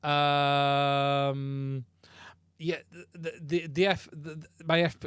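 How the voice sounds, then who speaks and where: A man's voice: a little high, little pitch movement, slow pace, a bit bright, clean tone, dry recording. A man hosting a casual livestream, chatty and self-deprecating, often repeating himself. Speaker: livestream host. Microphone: studio mic through podcast mixer.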